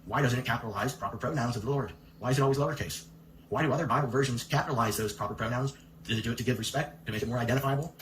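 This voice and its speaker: A man's voice: medium pitch, very fast, a bit bright, a little hiss or hum. A man hosting a commentary video, reading out a letter and firing off pointed rhetorical questions. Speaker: commentary channel host. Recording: echoey room.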